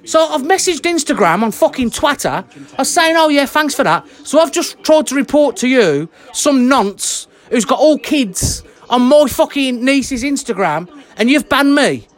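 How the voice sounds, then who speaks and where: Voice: high voice, animated, unhurried. A vlogger delivering an angry monologue rant, blunt and heated, swearing constantly and sweating. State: worked up and sweating.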